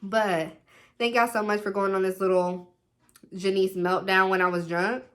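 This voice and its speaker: Bright, animated young woman vlogger. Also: medium pitch, moderate pace. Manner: animated, dramatic retelling with put-on quoted voices; repeats "literally" and "like" constantly. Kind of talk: storytime vlog.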